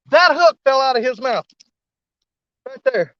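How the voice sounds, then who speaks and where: A man narrating a fishing trip on a snowy riverbank in a folksy, excitable way, talking straight to his viewers. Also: very high voice, a little slow, no echo, lo-fi sound. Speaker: fishing vlogger. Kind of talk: casual outdoor commentary.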